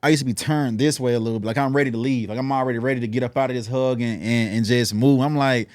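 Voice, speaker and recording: A man with a mid-range voice hosts a casual podcast interview. He talks in a relaxed, slangy way and keeps affirming his guest. The sound is dry and close. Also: medium pitch, fast, no echo. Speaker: podcast host.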